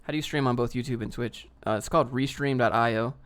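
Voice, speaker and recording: A man's voice: medium pitch, fairly even intonation, fast, a bit bright, clear, resonant tone. A man hosting a casual livestream, reading chat questions aloud and answering in a rambling, joking way.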